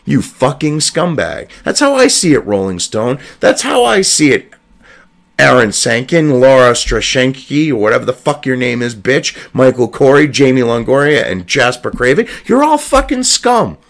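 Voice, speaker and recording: A man's voice: medium pitch, lively intonation, moderate pace, vocal fry. A man delivering angry, profane commentary, hurling heated insults. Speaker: online news commentator.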